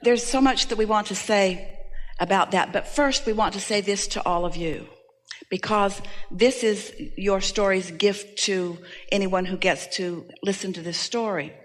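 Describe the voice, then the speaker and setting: Deliberate woman teaching in a hall. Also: medium pitch, fairly even intonation. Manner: speaks as "we", measured and deliberate. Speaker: spiritual teacher answering questions. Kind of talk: seminar teaching. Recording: long reverb of a large hall.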